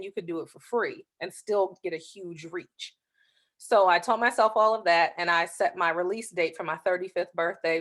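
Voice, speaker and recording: A woman in her thirties, an author hosting her own show, casually telling a personal story and acting out the other people's lines. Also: lowish voice. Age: 30s. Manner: lively, acts out the voices in her story.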